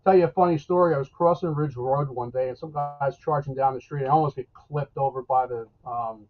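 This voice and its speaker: A man's voice: medium pitch, steady tone, brisk. A man, a local weather forecaster talking casually in a live interview, rambling and folksy with lots of fillers and restarts. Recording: tinny phone-like line.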